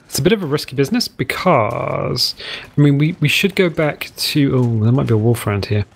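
A man's voice: medium pitch, vocal fry. A man giving casual, jokey commentary while playing a survival game, rambling through side remarks. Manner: chatty, jokey, rambling asides. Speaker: let's play host.

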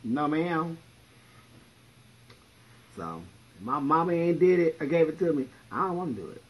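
A man's voice: fairly high pitch, big pitch swings, a little fast, slightly rough, rough recording. A man in drag livestreaming from home, telling stories with a blunt, profane, sassy manner. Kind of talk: casual livestream storytelling.

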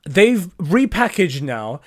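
A man co-hosting a gaming podcast, talking casually and getting excited, swearing now and then. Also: high voice, takes it slowly. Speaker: podcast co-host.

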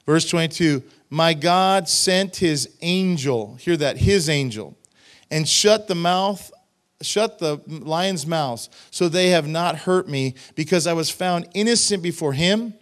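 A man's voice: fairly high pitch, slow. A middle-aged man, a pastor, preaching a sermon, reading scripture and adding emphatic, conversational asides to the congregation. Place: church sanctuary.

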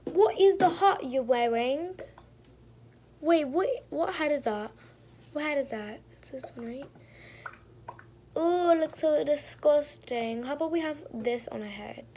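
A woman's voice: high-pitched, unhurried, long pauses, mellow, a little hiss or hum. A young woman casually commentating her own gameplay, sounding exasperated, talking to herself and often trailing off into mumbles. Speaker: gaming streamer.

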